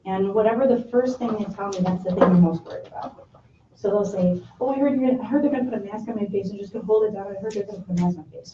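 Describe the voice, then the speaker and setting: A woman's voice: mid-range voice, warm tone, a little hiss or hum. A middle-aged woman leading a parenting workshop, talking conversationally to a class of parents. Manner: conversational, with brief acted parent and child quotes. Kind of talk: casual talk to a class of parents. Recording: roomy, distant, muffled room recording.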